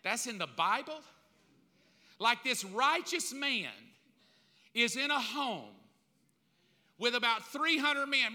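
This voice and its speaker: A man's voice: high-pitched, sing-song, slow pace, long pauses, bright, forceful tone. A middle-aged man preaching a sermon, telling the story with humor and acting out the voices of a crowd. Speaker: pastor. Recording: long reverb of a large hall.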